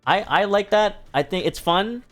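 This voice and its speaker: A man's voice: sits high, moderate pace, fairly bright tone, faint music behind. A man recapping a play on a live stream in casual talk, rambling and profane and laughing often.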